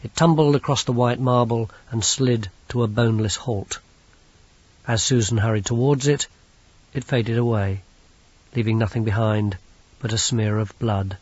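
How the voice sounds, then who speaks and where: Husky male audiobook narrator. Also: medium pitch, fairly even intonation, darkish tone, dry recording. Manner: measured storytelling. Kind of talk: scripted narration. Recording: dull, lo-fi audiobook recording.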